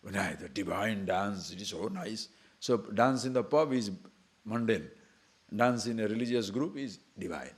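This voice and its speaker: A man's voice: lowish voice, expressive, normal speed, husky. An older man giving a spiritual discourse, talking conversationally with mocking asides and acted-out quotes. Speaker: spiritual teacher.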